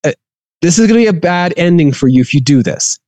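A man's voice: a little high, expressive, fast, a little mellow, no echo. A man reading a scripture passage aloud and then explaining it in a conversational teaching manner. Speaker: Bible teacher.

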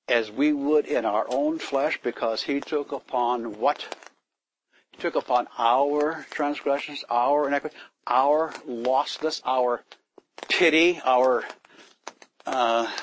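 A man's voice: medium pitch, a little hiss or hum, low-quality recording. A man giving an informal sermon, teaching from scripture and asking his listeners questions, sometimes raising his voice to act out complaints. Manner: animated, acts out complaints in a raised voice; conversational, asks the listeners questions. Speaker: Bible teacher.

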